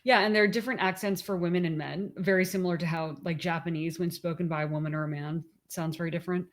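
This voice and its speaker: A woman with a somewhat low voice co-hosts a casual podcast with her husband. She muses aloud, circling back and restarting her thoughts as ideas come to her. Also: fairly even intonation, fast talker. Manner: chatty and musing, thinking aloud with restarts. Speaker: podcast co-host.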